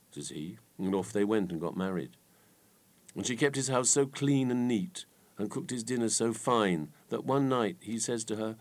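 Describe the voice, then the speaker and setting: Male narrator for a folk tale reading; animated, expressive delivery. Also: lowish voice, normal speed. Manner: lively, expressive storytelling. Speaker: storyteller.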